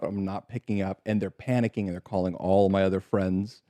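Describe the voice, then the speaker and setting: Low-voiced man in dry casual chat. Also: fairly even intonation, a little fast, dark tone, dry recording. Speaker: podcast co-host.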